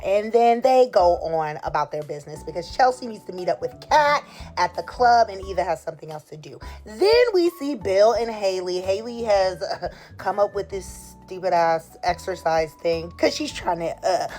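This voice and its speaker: A woman gives a sassy, opinionated recap of a soap opera episode in casual conversation, voicing the characters' lines herself. She speaks at a moderate pace in a low, darkish voice with lively intonation, soft music in the background.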